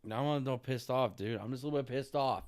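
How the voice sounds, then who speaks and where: A man's voice: mid-range voice, fast talker. A man venting in a frustrated, repetitive monologue, swearing constantly and ending lines with "dude.". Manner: frustrated ranting, heavy swearing, repeats "dude". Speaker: vlogger.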